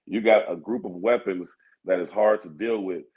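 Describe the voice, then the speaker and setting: Lower-voiced man breaking down sports. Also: normal speed, dull audio. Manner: thinks aloud with fillers, asks "you know what I mean?". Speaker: sports talk co-host or guest. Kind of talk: casual sports analysis.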